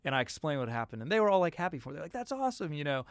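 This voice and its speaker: Animated man telling a story. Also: fairly high pitch, racing, clear, resonant tone, dry recording, studio quality. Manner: animated, acts out quoted voices. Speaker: guest songwriter. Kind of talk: casual storytelling interview.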